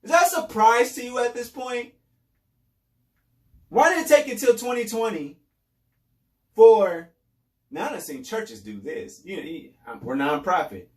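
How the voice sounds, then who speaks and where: A man's voice: high voice, animated, unhurried, pauses often, echoey room, far from the mic. A man hosting a podcast, giving casual commentary in a loose, repetitive way with sarcastic asides. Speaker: podcast host.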